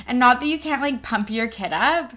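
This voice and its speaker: A woman's voice: a little high, moderate pace, pushed and bright. A young adult woman hosting a podcast in casual chat, filling her talk with "like" and "yeah" and laughing as she goes. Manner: chatty, frequent "like" and "yeah", laughs mid-sentence. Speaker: podcast host.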